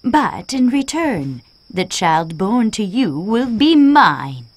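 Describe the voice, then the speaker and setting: A woman voicing a menacing old female witch in an animated storybook, speaking in a slow, drawn-out, sing-song way. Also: medium pitch, dry recording. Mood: scheming.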